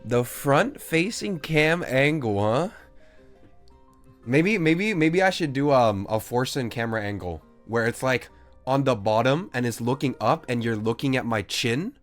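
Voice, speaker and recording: A man's voice: mid-range voice, lively intonation, a little slow, soft background music. A man streaming a game, chatting casually with a sarcastic, teasing manner and frequent swearing. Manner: sarcastic, teasing, mock-arguing with chat.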